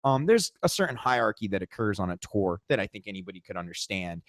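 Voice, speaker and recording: Animated, swearing podcast man. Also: on the low side, quick pace, no room sound, clean studio sound. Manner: animated, swears a lot, acts out quotes. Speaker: podcast co-host. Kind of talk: casual chat, storytelling.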